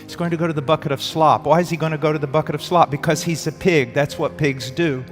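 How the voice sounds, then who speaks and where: A man preaching a sermon with dramatic swings from loud outbursts to hushed tones. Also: fairly high pitch, fairly even intonation, fast. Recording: long reverb in a hall, faint music.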